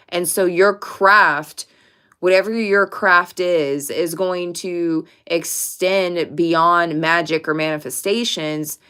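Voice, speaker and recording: A woman's voice: sits low, a bit bright, clear, resonant tone. A woman giving a casual pick-a-card tarot reading to camera, speaking directly and emphatically and swearing casually. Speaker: tarot reader.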